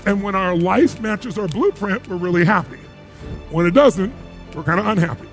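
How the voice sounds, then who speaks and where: A man speaking from a seminar stage, his voice sitting high for a man and leaping all over in pitch. He talks emphatically as a motivational speaker and keeps throwing questions out to the audience. Faint music runs underneath him. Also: animated, normal speed. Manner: emphatic, asks the crowd rhetorical questions. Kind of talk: live seminar speech to an audience.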